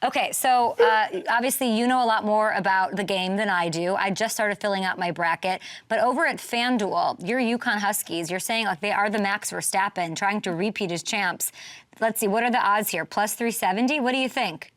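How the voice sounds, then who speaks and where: A woman's voice: mid-range voice, normal speed, a bit bright, no room sound. A woman in her thirties from Chicago, hosting a sports show in casual, playful, self-deprecating chat. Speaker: host.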